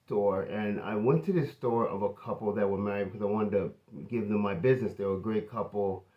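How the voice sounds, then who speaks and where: A pastor telling a personal testimony in an earnest, conversational way. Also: male voice, on the low side, fairly quick, dark tone.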